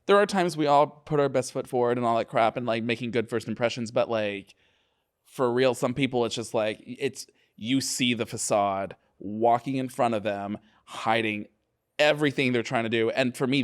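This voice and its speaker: A young man of middling pitch co-hosts a casual podcast. He is wry and teasing, dropping dry quips between longer rambling stories. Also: normal speed. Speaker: podcast co-host. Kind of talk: casual chat.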